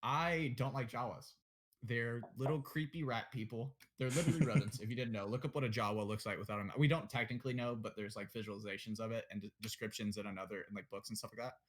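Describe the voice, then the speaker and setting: A man's voice: mid-range voice, quick pace. A young man co-hosting a casual podcast chat, blunt and opinionated, swearing and joking as he goes. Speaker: podcast co-host.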